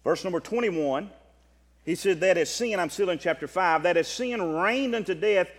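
A Southern American preacher delivers a sermon in a high voice, swinging between loud stretched-out proclamations and hushed rapid asides. His voice carries a long reverb, as though filling a large hall. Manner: impassioned, swings from loud drawn-out declarations to quiet fast asides.

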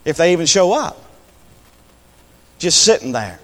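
A preacher with a high, lively voice, preaching a sermon in a church sanctuary. He slides from quiet, conversational asides up into ringing, impassioned shouts. The room adds a long reverb tail to every line. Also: a little slow. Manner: impassioned, swings from low talk to high shouts.

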